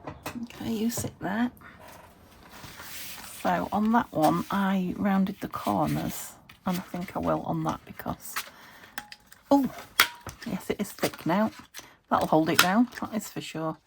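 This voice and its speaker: British woman, slightly low voice, gravelly, thinking aloud, noisy home room with traffic noise. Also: takes it slowly, pauses often. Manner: chatty, thinks aloud, self-talking with little laughs. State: recovering from a fever. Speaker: craft vlogger. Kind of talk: casual crafting chat. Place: home craft desk, window open. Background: traffic through an open window.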